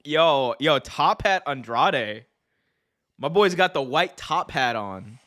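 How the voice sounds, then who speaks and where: A man hosting a live wrestling watch-along, talking in an excitable, slangy way and laughing often. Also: fairly high pitch, slow. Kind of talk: live reaction commentary.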